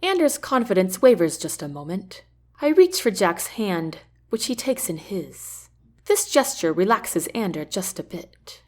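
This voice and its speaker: A woman narrating a novel in the first person, with an expressive, varied reading. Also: medium pitch, a little slow. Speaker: audiobook narrator.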